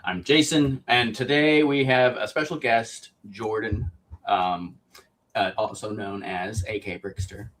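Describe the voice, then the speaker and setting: A man with a fairly low voice hosts a casual livestream chat. He sounds relaxed and loose, with plenty of ums as he greets viewers and reads their comments aloud. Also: measured pace. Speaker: podcast host.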